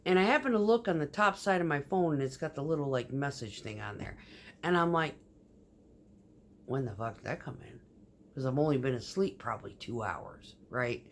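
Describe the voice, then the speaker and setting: A woman's voice: low voice, animated, fairly quick, slight background noise. A woman telling a rambling, profane story in casual vlog style, often dropping to a whisper. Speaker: vlogger.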